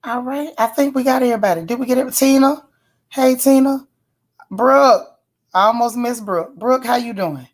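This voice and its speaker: A woman's voice: fairly high pitch, moderate pace. A woman hosting a casual live stream, chatting in folksy slang and greeting viewers one by one by name. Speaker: livestream host.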